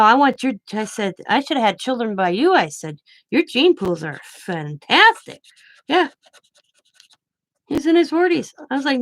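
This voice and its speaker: A woman's voice: high voice, no echo. Chatty woman telling a story. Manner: chatty, animated retelling with quoted dialogue. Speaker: craft vlogger. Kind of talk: casual storytelling.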